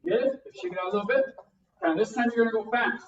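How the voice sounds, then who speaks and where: A karate instructor teaching a beginner class, counting out drills and calling punch commands in loud bursts. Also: medium pitch, very fast. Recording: distant, roomy, dull sound with faint noise.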